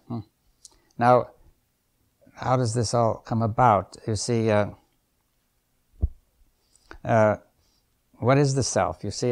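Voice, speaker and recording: A man in his seventies leads an unscripted seminar lecture, musing aloud in a fairly low voice. He's thoughtful, keeps checking in with his listeners through "right?" and "you see," and chuckles softly between points.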